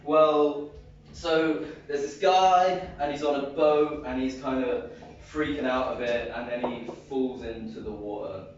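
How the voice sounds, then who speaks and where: A man's voice: medium pitch, steady tone, unhurried, lightly acted. A man doing a stoned, giggly young Jesus. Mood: stoned, rambling. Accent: English, Liverpool. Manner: giggly, rambling, slurred stoner drawl. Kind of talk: live stage sketch comedy. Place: club stage, heard from the room. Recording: echoey, distant, muffled lo-fi room recording.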